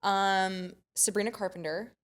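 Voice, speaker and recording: A woman's voice: medium pitch, steady tone, measured pace. Upbeat young woman, giggly chat. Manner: upbeat, giggly, enthusiastic about pop culture. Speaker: podcast co-host. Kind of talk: casual chat.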